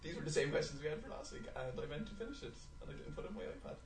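A man's voice: fairly high pitch, big pitch swings, very fast, crowd noise. A man hosting a casual chat, teasing his guests as he runs the segments. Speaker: podcast host. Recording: echoey room, off-mic.

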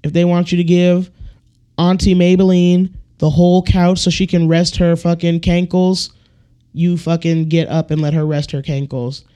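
A man's voice: high-pitched, little pitch movement, moderate pace, mellow, clean tone. A man hosting a casual solo podcast, ranting bluntly and profanely, and now and then acting out the people he quotes. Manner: acts out quoted people with shifts in voice. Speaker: podcast host.

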